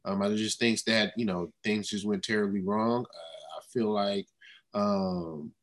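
A man's voice: on the low side, steady tone, unhurried. A man who once played the game, chatting as co-host in a laid-back way, often trailing off. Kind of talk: casual sports talk.

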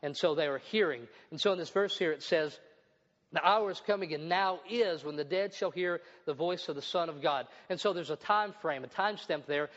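Preacher with a raised tenor in a hall. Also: male voice, high-pitched, fairly bright tone. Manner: expository preaching, reading scripture aloud with asides. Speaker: pastor. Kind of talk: sermon. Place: church building. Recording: dull sound with long hall reverb.

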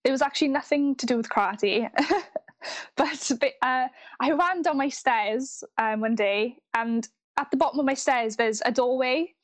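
A woman's voice: high-pitched, measured pace. A woman in her twenties with a strong Welsh accent, chatting as an interview guest and laughing often between sentences. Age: 20s. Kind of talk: casual interview. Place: live online video call.

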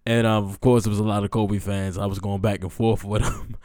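A man in his twenties tells a personal story in an earnest, emotional way. He restarts often and leans on slang and fillers. His voice sits a little low and stays smooth and clear. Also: little pitch movement, brisk, a little mellow, no room sound, clean studio sound. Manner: rambling, filler-heavy, slangy with "bro" and "like".

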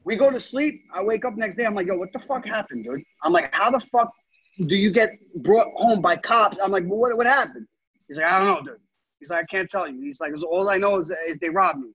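A young man, co-hosting a podcast and telling a story in a casual, animated way, swearing often. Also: high-pitched, brisk, breathy edge, highs cut off. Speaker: podcast co-host.

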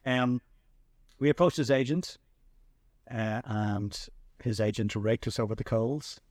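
A man hosting a podcast and telling a story in a chatty, animated way with lots of restarts. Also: mid-range voice, a little slow, no echo. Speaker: podcast host. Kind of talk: casual storytelling chat.

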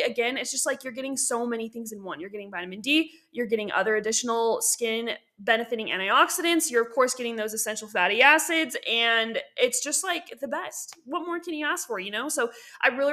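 A woman's voice: on the high side, bright, forceful tone. A young woman hosting a casual skincare podcast, chatty and upbeat, with many fillers and self-corrections. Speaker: podcast host and esthetician. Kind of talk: casual educational podcast talk.

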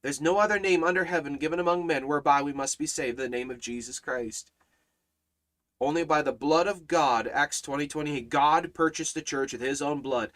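High-voiced man preaching with emphatic repetition. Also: normal speed, a bit bright. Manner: emphatic, repeats phrases with rising and falling force. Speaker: Bible teacher. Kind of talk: preaching Bible study.

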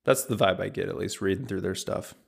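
A man presenting a topic on a casual podcast, relaxed and rambling with lots of fillers. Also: low-pitched, brisk, creaky, breathy edge. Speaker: podcast co-host presenting a whisky distillery.

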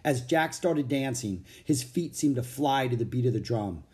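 A man reading a children's book aloud as audiobook narrator, with an expressive, animated storytelling manner. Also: medium pitch, normal speed.

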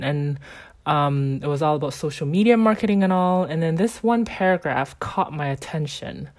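A middle-aged woman telling a personal business story in a casual, animated way, with frequent ums, restarts and laughter. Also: low-pitched, no echo. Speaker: online seller in a direct sales company.

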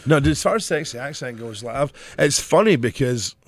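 A man's voice: mid-range voice, lively intonation, brisk, dry recording. Scottish man in rambling, profane chat. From Scotland. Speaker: podcast co-host. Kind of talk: casual chat.

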